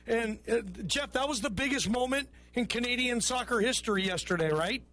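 A man's voice: very high voice, fairly quick, sharp tone. A man hosting a sports call-in radio show, loose and chummy with callers. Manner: loose, chummy, calls callers bro and brother. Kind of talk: casual call-in radio talk.

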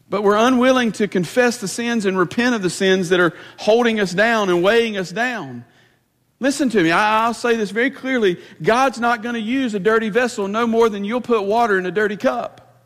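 High-voiced preacher in a reverberant church. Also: male voice, moderate pace, fairly bright tone. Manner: emphatic preaching with repeated words and restarts. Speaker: pastor. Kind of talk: sermon. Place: church sanctuary. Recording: long reverb of a church hall.

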